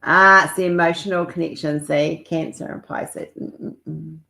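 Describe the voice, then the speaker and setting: Chatty middle-aged woman host of a live chat stream, fairly low voice, laughs easily. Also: fairly even intonation, a little slow, gravelly, sharp tone. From Australia or New Zealand. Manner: chatty, affectionate, laughs often. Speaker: livestream host. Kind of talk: casual live chat with viewers.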